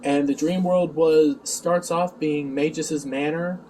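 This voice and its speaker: A man's voice: a little high, steady tone, takes it slowly, mellow. A man reviewing a TV episode in a rambling, sarcastic casual recap, recorded on a distant mic with faint background noise.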